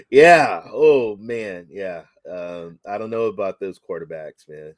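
Man, low voice, dry close sound, excitable sports talk, lots of restarts. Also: dry recording. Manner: excitable, halting with many restarts. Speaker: podcast co-host. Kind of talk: casual sports chat.

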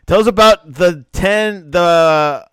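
Male interviewer, smooth resonant voice, dry sound, hesitant, video call. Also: high voice, takes it slowly, a bit bright, dry recording. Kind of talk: interview questions.

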